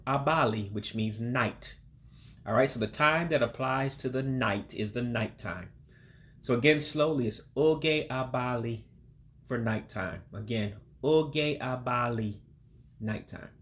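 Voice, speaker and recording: Man, mid-pitched voice, language lesson, patient, repeats words slowly, explanatory. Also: a bit bright. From heritage learner of Igbo descent. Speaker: language learner teaching vocabulary.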